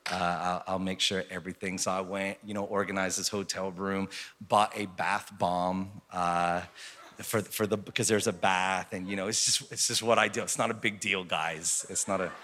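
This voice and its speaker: A man in his thirties preaching a conversational sermon as pastor, telling stories and rising into loud, excited preaching. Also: low-pitched, normal speed, in a large hall, a little hiss or hum. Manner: conversational, building to shouted preaching.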